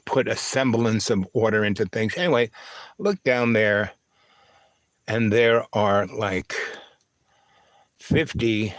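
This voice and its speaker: A man's voice: mid-range voice, no echo, poor audio. A man hosting a livestream, telling a long personal story in a rambling way, full of fillers, restarts and little asides to the listener. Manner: halting, with many fillers, restarts and "you know, right?" asides. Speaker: livestream host.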